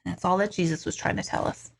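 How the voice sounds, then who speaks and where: A woman hosting a casual live stream as an intuitive, reading out viewer comments in an animated, chatty way with casual swearing and frequent laughter. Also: on the low side, quick pace, gravelly.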